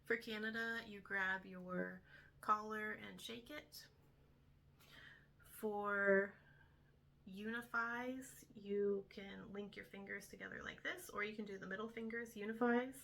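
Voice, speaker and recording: A woman's voice: mid-range voice, little pitch movement, measured pace, vocal fry, bright, forceful tone. A young woman, a homeschool tutor, casually explaining her week's lessons step by step with frequent ums. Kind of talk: casual instructional talk to camera.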